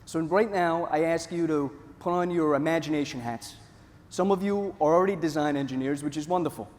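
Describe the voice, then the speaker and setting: A man from Northeast Pennsylvania giving a jokey, energetic conference talk to a live audience. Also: fairly high pitch, fairly quick. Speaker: conference presenter. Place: large conference hall. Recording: hall reverb, faint room noise.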